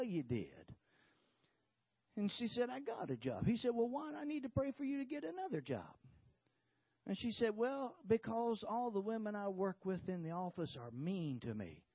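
A man with a high voice preaches a sermon, telling a story with many hallelujahs along the way. The sound is dry and close, with a dull, lo-fi edge. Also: husky, no echo. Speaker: pastor.

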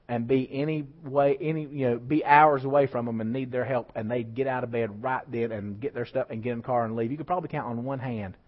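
Male pastor preaching. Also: mid-range voice. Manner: animated preaching with rising emphasis and asides to the congregation. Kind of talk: sermon. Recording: slightly dull lo-fi church recording.

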